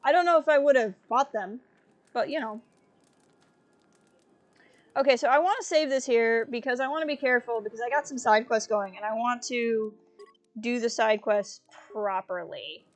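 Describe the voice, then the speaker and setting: A young woman chatting playfully through a live game stream. Her voice sits a bit high and bounces with jokes and asides. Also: moderate pace, pauses often, no echo.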